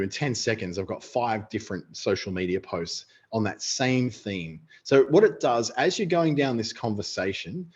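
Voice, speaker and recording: A man's voice: medium pitch, a little mellow, husky. An Australian man presenting an online webinar, chatting casually and thinking aloud as he demonstrates a writing tool. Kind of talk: casual live software demonstration. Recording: dull lo-fi webinar audio.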